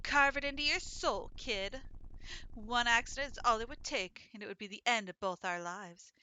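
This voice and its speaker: A woman voicing a tough, stern female sparrow who rides a scooter, talking gruffly and lecturing. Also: on the high side, normal speed, sharp tone.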